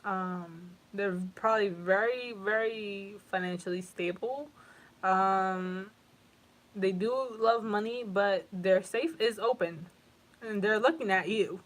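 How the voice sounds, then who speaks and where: Slow-talking young woman tarot reader. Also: medium pitch. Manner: emotional, profane, rambling with many fillers. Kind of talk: casual tarot reading to camera.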